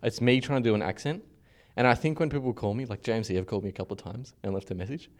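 A young man co-hosting a podcast in casual, joking chat, halting with fillers and repeats. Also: mid-range voice, a little mellow. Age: young adult. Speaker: podcast co-host.

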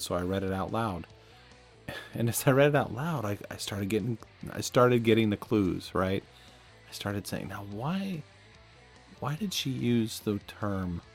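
Low-voiced reflective male podcast host. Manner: reflective, conversational, chuckles at himself. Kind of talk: casual chat.

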